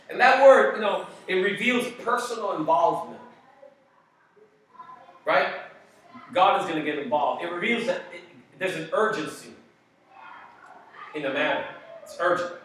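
A man preaching a sermon in an animated, joking way, with sudden loud bursts of emphasis. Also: high voice, moderate pace, long pauses. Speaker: pastor. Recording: echoey hall, distant mic.

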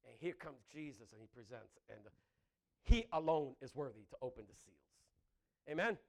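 A man preaching a sermon, animated and laughing between phrases, often asking the congregation "Amen?". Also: mid-range voice, moderate pace, gravelly. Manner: breaks into laughter mid-sentence.

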